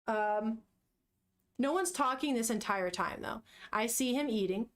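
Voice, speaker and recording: Young female vlogger, high voice, chatty and giggly, casual delivery. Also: measured pace. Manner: chatty, giggly, animated reactions. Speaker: vlogger reading manga aloud. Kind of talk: casual chat.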